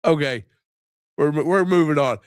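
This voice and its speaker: A man's voice: on the high side, measured pace, no echo, clean studio sound. A man hosting a live stream, chatting casually in a rambling, joking way with plenty of swearing while he sounds sick and tired. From Louisiana. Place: home room.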